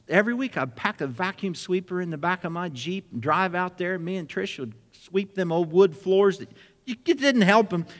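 A man preaching a sermon, telling a personal story with lively acted-out dialogue. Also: high voice, big-room sound. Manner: animated storyteller acting out dialogue. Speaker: pastor.

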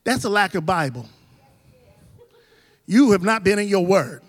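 A middle-aged man, a pastor, preaching a sermon in a church, his delivery rising and falling between loud bursts and soft asides. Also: high-pitched, expressive, unhurried, long reverb tail. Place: church sanctuary.

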